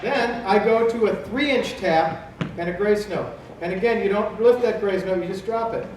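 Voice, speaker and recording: A man's voice: high voice, moderate pace. A fifties man teaching drums in an echoing hall. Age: 50s. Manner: animated, asks the audience questions and answers them himself. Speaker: drum clinician. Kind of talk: live drum clinic talk. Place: large hall at a convention. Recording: very echoey hall, from a distance, with background noise.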